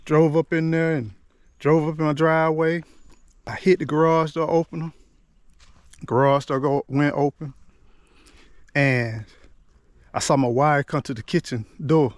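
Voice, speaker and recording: A middle-aged man recounts his own story in a loose, conversational way, tossing in "man" and "you know what I'm saying" as he goes. His voice sits a bit higher than most men's. The sound is close and dry, with no room around it. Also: fairly even intonation, unhurried, long pauses, no echo. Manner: repeats and restarts words as he recalls. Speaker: motivational vlogger. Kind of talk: personal storytelling.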